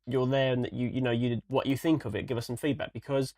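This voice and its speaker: A man's voice: mid-range voice, little pitch movement, fast talker, a little mellow, no echo. A young man, co-hosting a casual podcast in an easygoing, explaining way. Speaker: podcast co-host. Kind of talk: casual chat.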